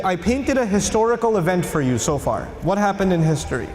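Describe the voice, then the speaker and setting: A man giving a religious lecture with a high voice and an animated delivery. He keeps putting questions to his audience. The sound rings around a large, reverberant hall. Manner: animated, asks the audience questions, acts out quotes.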